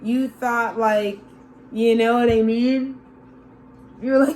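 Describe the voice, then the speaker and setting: A woman's voice: a little high, fairly even intonation, slow pace, pauses often, a little mellow. A woman giving a casual, channeled tarot reading, slangy and loose, calling listeners bro and laughing often. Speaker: tarot reader.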